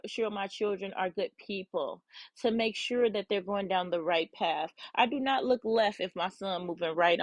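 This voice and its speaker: A woman's voice: fairly low pitch, no room sound. Blunt, swearing mother venting to camera. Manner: blunt, conversational, swears freely. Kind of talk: candid personal vlog.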